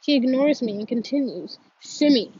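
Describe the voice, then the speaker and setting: A woman's voice: on the high side, takes it slowly, a little mellow, breathy edge, no echo. A woman reading a first-person novel aloud in an earnest, emotional way, often restarting her words, on a dull lo-fi recording. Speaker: audiobook reader.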